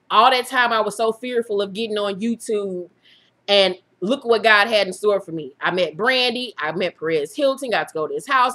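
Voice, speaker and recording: A woman in her thirties with a bright, forceful voice, speaking straight to her viewers as a YouTube host. She talks frankly and swears freely, and she laughs through the hard parts of her story. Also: mid-range voice. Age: 30s. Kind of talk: candid personal storytelling to viewers.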